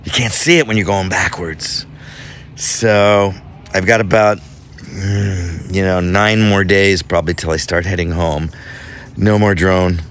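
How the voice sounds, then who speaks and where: A man's voice: deep voice, steady tone, a bit bright, a little hiss or hum. Man rambling outdoors on a mountain. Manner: halting, thinking aloud with fillers. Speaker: travel vlogger host. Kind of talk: casual vlog narration.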